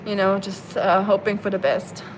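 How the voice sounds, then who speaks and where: A woman's voice: medium pitch, moderate pace, background noise. A woman live streaming and chatting casually with her viewers, playful and laughing often. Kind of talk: casual chat. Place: at home, rain outside. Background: rain ambience.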